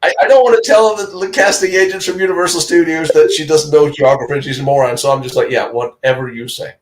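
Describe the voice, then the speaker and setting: A man's voice: fairly high pitch, steady tone, fast, low-quality recording. A middle-aged man from Denmark, co-hosting a casual live-stream chat, a chatty storyteller who laughs often and acts out the voices of other people.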